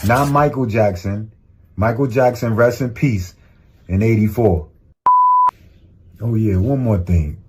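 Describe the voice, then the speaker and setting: A man's voice: lowish voice, slow pace, pauses often, a little mellow, breathy edge. A man delivering a playful, joking scolding in a comedic rant.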